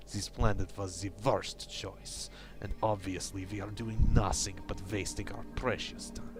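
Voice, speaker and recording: A man's voice: lowish voice, lightly acted. Man putting on a grumbling Russian-accented crewman. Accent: mock Russian. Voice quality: hammy exaggerated accent. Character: grumbling male space crewman, sarcastic and fed up.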